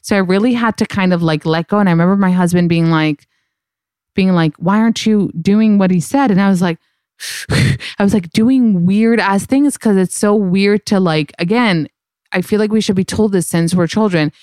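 A woman's voice: mid-range voice, normal speed, darkish tone, smooth, no room sound, studio quality. A young woman hosting a podcast, telling a story in casual chat, candid and profane with lots of fillers. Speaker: podcast host.

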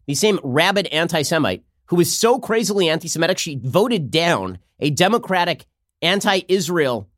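A man hosting a political commentary show, talking fast with a sarcastic, mocking manner. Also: fairly high pitch, a bit bright, no echo, studio quality. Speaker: host.

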